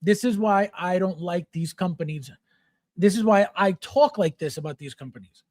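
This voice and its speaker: A man's voice: high-pitched, moderate pace, darkish tone, no echo, clean studio sound. Blunt, mocking man ranting on a stream. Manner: blunt, mocking, swears freely, mimics fans. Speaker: host. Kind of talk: ranting live-stream chat.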